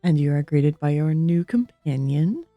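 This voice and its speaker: A woman narrating as game master of a tabletop game, calm and steady with small hesitations. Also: deep voice, moderate pace, no room sound, faint music behind.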